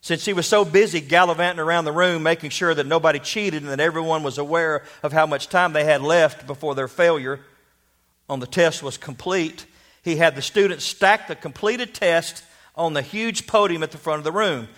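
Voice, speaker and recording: A man's voice: fairly high pitch, moderate pace, fairly bright tone. A man preaching a sermon, telling a story and asking rhetorical questions.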